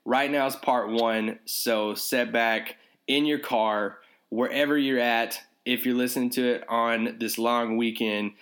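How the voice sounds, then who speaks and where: A man's voice: medium pitch, a bit bright. A man hosting a sports podcast, talking loosely with many fillers and restarts. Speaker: podcast host. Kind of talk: casual podcast interview.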